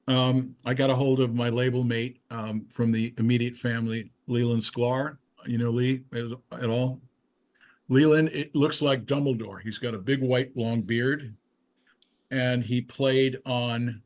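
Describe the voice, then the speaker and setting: An older male musician in a casual interview, telling rambling stories with frequent restarts and asides. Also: medium pitch. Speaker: musician guest.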